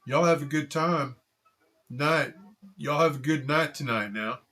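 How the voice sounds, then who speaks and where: A man voicing an easygoing, polite shopkeeper with a relaxed folksy drawl, in an audiobook reading. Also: on the high side, measured pace, pitched above the performer's own voice. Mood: friendly.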